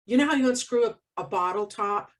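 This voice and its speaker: A woman co-hosting a casual chat speaks fairly quickly in a medium-pitched voice, with the mic set at a distance. She tells a personal anecdote animatedly, laughing a lot and acting out the lines of the people involved.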